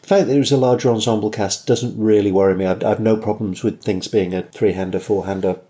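A man's voice: lowish voice, fairly even intonation, fast, dark tone. Dry-humoured man co-hosting. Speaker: podcast co-host. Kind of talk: casual review chat.

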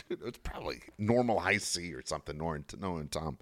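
A man's voice: sits low, expressive, brisk. A man co-hosting a casual sports talk show, laid-back, laughing often and swearing freely.

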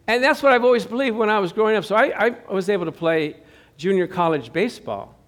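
A middle-aged male pastor delivers a lively sermon in a church. His voice sits high for a man. He keeps it conversational and jokey, slipping into playful voices for the people he quotes. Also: fast.

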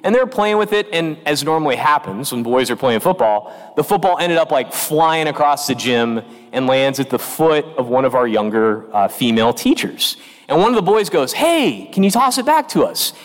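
Lively priest preaching in an echoing church. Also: male voice, medium pitch, moderate pace. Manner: storytelling with lively quoted voices. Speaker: pastor. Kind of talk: sermon. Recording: long reverb of a church.

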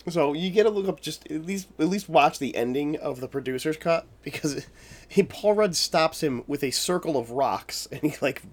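A man's voice: on the high side, animated, normal speed. A man talking bluntly about a movie, swearing freely and sounding exasperated with it. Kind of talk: casual film chat.

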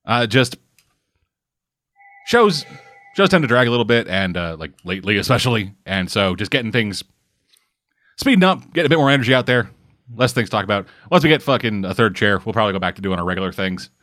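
A man's voice: fairly low pitch, sing-song, a little fast, pauses often, fairly bright tone, dry recording, clean studio sound. A man hosting a casual comic book podcast, rambling and swearing freely as he talks. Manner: profane, rambling, jokey. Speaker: podcast host.

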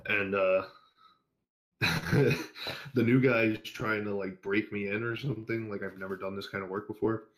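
Male podcast guest, lowish voice, casual storyteller who laughs and swears freely. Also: steady tone, moderate pace, long pauses, a bit bright. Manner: laughing, swearing, acts out coworkers.

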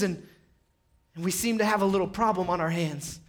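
A man preaching a sermon as pastor, rising to loud pleading peaks and dropping to quiet, low passages. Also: fairly even intonation, a little fast. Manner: impassioned, rises high and loud on pleas then drops low. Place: church sanctuary.

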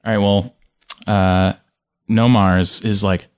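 A man playing a tabletop game, playful and quick to laugh. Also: lowish voice, flat delivery, a little mellow, clean tone. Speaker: player. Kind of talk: casual tabletop game play.

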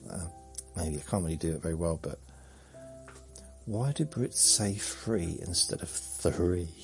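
A man with a low voice talks slowly through a rambling sleep-podcast monologue. He muses in a dry, self-mocking way, and faint music plays underneath. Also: darkish tone. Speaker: podcast host.

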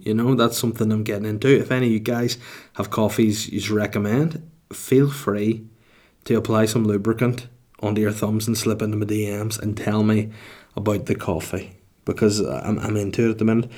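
A man's voice: lowish voice, a little mellow. A man hosting a solo podcast in a casual, rambling, self-mocking way with plenty of swearing. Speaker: podcast host.

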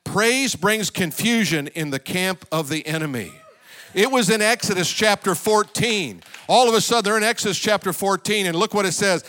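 A man preaching a sermon as pastor of a church. He swings between loud, high exclamations and low, quiet asides. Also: moderate pace.

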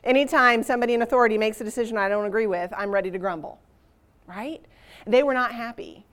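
Woman Bible teacher, slightly high voice, relatable and animated, poses rhetorical questions. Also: fast talker. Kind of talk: conversational Bible teaching to a church group.

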